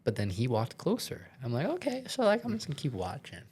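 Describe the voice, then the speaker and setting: A man's voice: medium pitch, huge pitch swings, fast, darkish tone, a little hiss or hum. A young man, a podcast guest, telling a story in a casual, rambling way with many filler words and some swearing, earnest and shaken.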